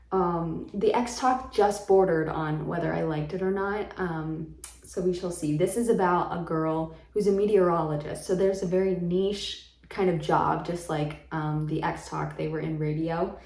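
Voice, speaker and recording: A woman's voice: on the low side, unhurried, a little mellow. Chatty woman in an echoey room. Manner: chatty and rambling, many ums and likes. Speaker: book vlogger. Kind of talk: casual book chat.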